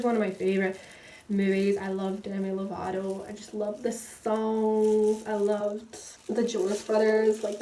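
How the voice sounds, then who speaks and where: A woman's voice: mid-range voice, mellow, a little hiss or hum. Chatty woman in an echoey room. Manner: rambling, chatty, full of fillers, laughs at herself. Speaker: book vlogger. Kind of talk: casual chat while dyeing hair. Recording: roomy echo, slightly distant.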